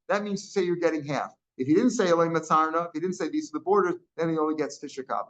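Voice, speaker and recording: A man's voice: a little high, quick pace, hardly any pauses, sharp tone. A man teaching a daily Talmud class, explaining each line and mixing English with Aramaic and Hebrew terms, often repeating and restarting phrases. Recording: dull lo-fi recording.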